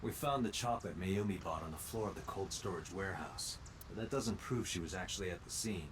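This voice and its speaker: A man's voice: deep voice, a little fast, noisy background, close to an everyday voice. An actor playing a blunt male police detective in a video game, asking direct questions. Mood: probing. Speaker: game character. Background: music.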